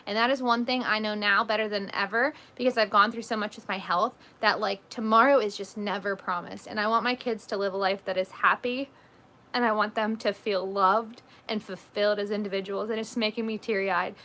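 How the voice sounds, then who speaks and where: A woman's voice: mid-range voice, fairly even intonation, a little fast, sharp tone. A woman in her thirties hosting a casual livestream, chatting loosely with lots of "like" and "um" as she reads out viewer comments. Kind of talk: casual live chat.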